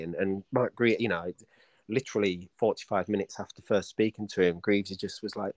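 Man, lowish voice, rambling stories. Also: fairly even intonation, fairly quick, no room sound. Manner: rambling storyteller with many restarts, acting out quoted voices. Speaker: author and interview guest. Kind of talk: casual podcast interview.

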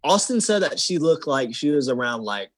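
Animated young man telling a story. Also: a little high, moderate pace. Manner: animated, acts out quoted voices. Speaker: podcast co-host. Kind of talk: casual storytelling chat.

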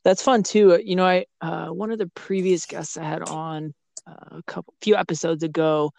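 A man hosting a podcast in a relaxed chat, often saying "you know". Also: a little high, normal speed, creaky. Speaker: podcast host. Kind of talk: casual interview chat.

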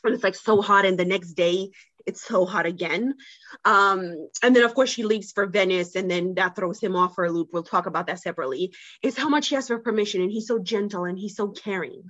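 A woman's voice: mid-range voice, brisk, a bit bright, dry recording, dull audio. A woman co-hosting a podcast, gushing with enthusiasm as she retells a story in casual chat and laughs along the way. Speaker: podcast co-host.

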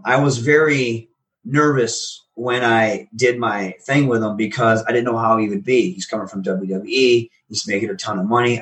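A man's voice: fairly low pitch, distant mic, rough recording. A man, a professional wrestler, casually telling stories in an interview and animatedly acting out the conversations he recounts. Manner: animated, acts out quoted exchanges.

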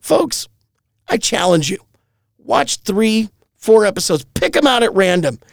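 A man co-hosting a comedy podcast, rambling through profane, animated storytelling. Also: high-pitched, a little slow, vocal fry, no room sound, clean studio sound. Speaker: podcast co-host. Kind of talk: crude comedy podcast chat.

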